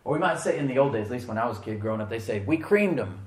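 A man's voice: mid-range voice, expressive, racing. A middle-aged man preaching a sermon as pastor, talking conversationally and often asking the congregation questions.

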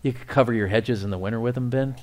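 A middle-aged man preaching a sermon, swinging between loud, excited appeals and quiet, near-whispered asides. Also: medium pitch, fast, noisy background. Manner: animated preaching, rising and dropping to near whispers. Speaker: pastor.

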